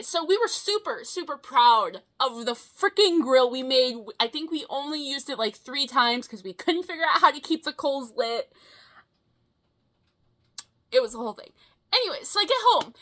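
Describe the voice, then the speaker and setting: Young woman rambling thru a wild story, high bright voice, swears a lot, lots of um and like. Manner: animated, swears freely, many fillers. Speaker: vlogger. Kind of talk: casual storytelling.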